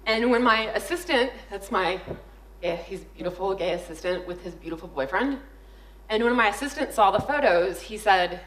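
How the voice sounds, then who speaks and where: A woman's voice: medium pitch, animated, normal speed. Candid woman telling stories on stage. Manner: comic, candid, acts out quoted voices. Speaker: conference speaker. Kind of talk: storytelling talk on stage. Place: conference hall. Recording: echoey hall.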